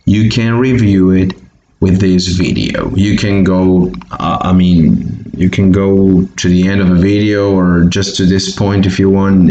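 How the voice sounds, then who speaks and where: Slow Bolivian-accented man teaching English. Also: low-pitched, a little mellow, highs cut off. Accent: Bolivian Spanish. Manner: patient, repeats example sentences slowly for pronunciation. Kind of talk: recorded online English lesson. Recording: echoey room, faint background hiss.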